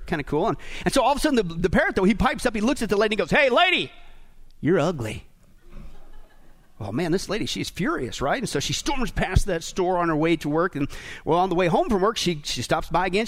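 A man preaching a sermon, speaking directly to the congregation and often checking in with "right?" and "okay?". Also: high-pitched. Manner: animated, talks to the congregation directly; frequent tag questions like "right?" and "okay?". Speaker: pastor. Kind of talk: sermon with a joke.

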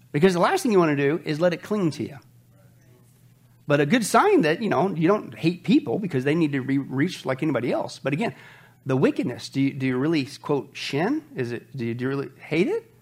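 A middle-aged pastor delivers an animated sermon in a slightly high voice with a breathy edge. Between Bible readings he throws rhetorical questions at the congregation in a call-and-response style and cracks jokes.

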